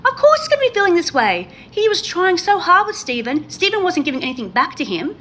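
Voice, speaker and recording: In an extremely high, sing-song voice, a reality TV commentary host chats to camera about a reality show at a brisk clip. She gushes and stresses her points, repeating herself for effect. The tone is a bit bright, and a little hiss or hum is audible.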